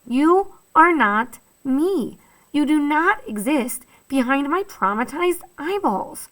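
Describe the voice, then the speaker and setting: An earnest, anxious boy who speaks in stiff, precise sentences, as a woman reading a storybook puts him on. He sounds plaintive and wordy, with a slightly raised pitch. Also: sing-song, slow pace, a bit bright, heavily acted, rough recording.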